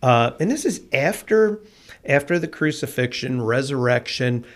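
A man's voice: medium pitch, animated, normal speed. A man co-hosting a casual podcast, retelling movie scenes with animation and reading scripture passages aloud. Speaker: podcast co-host. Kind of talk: casual film discussion podcast.

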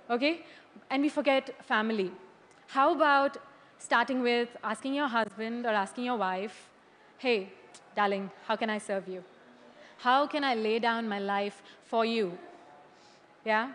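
A woman preaching a sermon in a church hall. She is animated, laughs often and keeps checking in with "okay?". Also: fairly high pitch. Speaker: church leader. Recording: long hall reverb.

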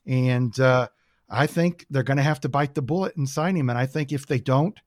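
A man's voice: medium pitch, moderate pace, a little mellow, dry recording, studio quality. A man from the United States chatting casually as a podcast guest, telling rambling, enthusiastic stories with lots of fillers.

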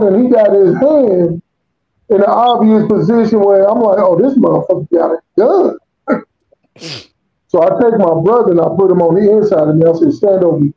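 High-voiced man telling a profane story. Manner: animated, profane storytelling with acted-out quotes. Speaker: podcast co-host. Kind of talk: casual storytelling chat. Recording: dull lo-fi audio.

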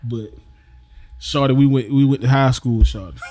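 A young man chatting on a podcast, brash and slangy, telling his own story with lively energy. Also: medium pitch, moderate pace. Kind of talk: casual storytelling chat.

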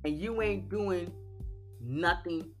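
Guy putting on a high whiny voice of a betrayed old fan, ranting and scolding, faint music behind. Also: takes it slowly, a bit bright. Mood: ominous. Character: angry betrayed male longtime fan, preachy. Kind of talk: reading an email aloud in character.

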